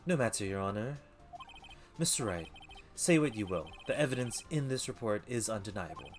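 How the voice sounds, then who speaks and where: A man voicing a cold, smug young male prosecutor who talks low, clipped and haughty. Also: animated, normal speed, lightly acted.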